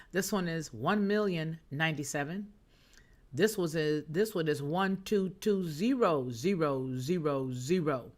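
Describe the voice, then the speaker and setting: A woman's voice: low-pitched, unhurried, a little mellow. A woman hosting a news and chat livestream, talking to her viewers in a sassy, emphatic way as she reads their comments. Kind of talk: casual chat, reading chat comments.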